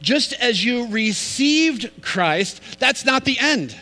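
A man's voice: extremely high pitch, big pitch swings, slow, bright, forceful tone, long reverb tail, rough recording. A man preaching a sermon as pastor, telling a story, reading scripture and building emphasis as he explains it.

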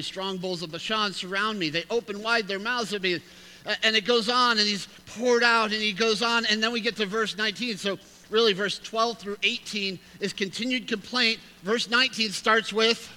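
High bright-voiced man preaching. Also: moderate pace. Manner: emphatic, reads scripture aloud with rising intensity; conversational asides to listeners. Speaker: pastor. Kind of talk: sermon.

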